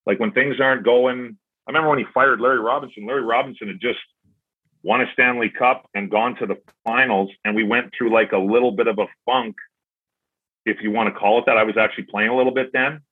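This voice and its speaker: A man's voice: medium pitch, steady tone, a little fast, slightly rough. A man in his forties telling casual, rambling anecdotes as a podcast guest, acting out dialogue with "I'm like" and some swearing. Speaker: podcast guest, former pro hockey player. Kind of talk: casual storytelling. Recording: tinny phone-like line.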